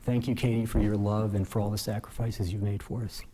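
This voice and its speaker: This man, in his forties and newly named a justice, stands at a podium in a courtroom giving an earnest, gently self-deprecating ceremonial address. He talks fairly quickly in a lowish, level voice over heavy background noise.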